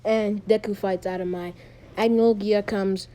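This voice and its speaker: A woman casually retelling a fan-made story, rambling and halting with many ums and restarts. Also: medium pitch, steady tone, mellow.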